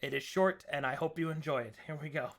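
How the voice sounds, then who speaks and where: A man's voice: fairly high pitch, quick pace, a loud crowd. A man running a tabletop game as game master, talking in casual, laid-back chat and swearing freely.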